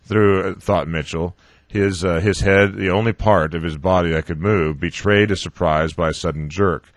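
A man's voice: low voice, steady tone, no room sound. A man reading a novel aloud on a radio show, stumbling often and correcting himself. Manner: halting, with frequent restarts and filler sounds. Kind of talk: audiobook-style reading.

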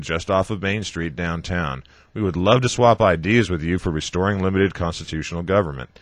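A man's voice: low voice, fairly bright tone, no echo. A man hosting a radio talk show, reading joke lines and adding dry asides with chuckles.

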